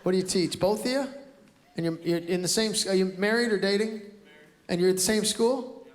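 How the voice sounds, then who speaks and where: A brisk, high-voiced male comedian from Canada works a large theater stage in front of a live audience. His stand-up is brash, loud storytelling with acted-out outbursts. The roomy live sound carries the crowd's laughter.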